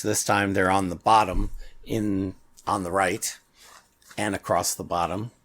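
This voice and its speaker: Low-voiced guy on a podcast, slow and easygoing, walking through comic pages and laughing a bit. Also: vocal fry, a bit bright. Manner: describes panels in detail, chuckles often. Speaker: podcast co-host. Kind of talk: casual comic book discussion.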